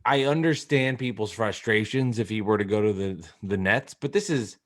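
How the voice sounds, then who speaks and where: A man co-hosting a podcast in casual sports chat, blunt and quick with short quips. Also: lowish voice. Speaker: podcast co-host.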